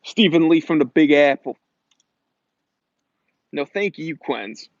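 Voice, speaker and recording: A man's voice: fairly high pitch, expressive, slow pace, no room sound, lo-fi sound. A man in his thirties from New England, hosting a casual live Q&A and joking as he reads out viewer comments. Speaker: livestream host answering chat questions.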